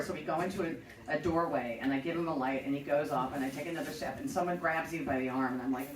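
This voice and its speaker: A woman's voice: low-pitched, quick pace, roomy sound, recorded from a distance, poor audio. A middle-aged woman hosting a show, telling a personal story in a chatty, profane, self-mocking way. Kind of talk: casual storytelling.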